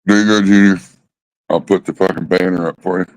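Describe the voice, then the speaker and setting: A middle-aged man with a low voice talks to his stream in a loose, rambling way, dropping profanity into nearly every sentence. The sound is dry and close, with no room echo around it. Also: fairly even intonation, brisk. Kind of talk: casual chat.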